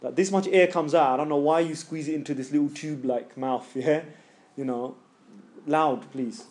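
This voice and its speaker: Casual man teaching in class. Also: fairly high pitch. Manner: casual, joking, demonstrates sounds loudly and slowly. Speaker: tajweed teacher.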